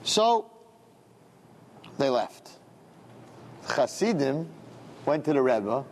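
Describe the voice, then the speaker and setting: A man teaching a class as a rabbi, telling a story in an animated, repetitive storytelling manner. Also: mid-range voice, very slow, a little hiss or hum. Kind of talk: storytelling lecture. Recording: long hall reverb.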